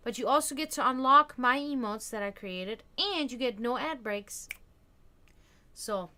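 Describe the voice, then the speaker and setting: A woman's voice: on the high side, expressive, unhurried, sharp tone, a little hiss or hum. A woman hosting a casual livestream, chatting loosely with her viewers, full of fillers and restarts. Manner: chatty, answers chat comments, many fillers and restarts. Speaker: livestream host.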